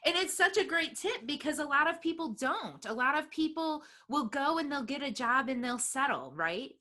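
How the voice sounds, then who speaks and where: A woman's voice: sits high, lively intonation, moderate pace, bright, forceful tone. A woman hosting a business podcast, encouraging and affirming her guest as she reflects and asks questions. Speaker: podcast host. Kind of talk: podcast interview conversation.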